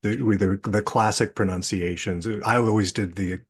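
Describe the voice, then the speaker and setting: A man co-hosting a relaxed panel chat, who speaks in halting, hesitant phrases. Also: on the low side, slightly rough. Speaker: podcast co-host. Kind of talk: casual panel conversation.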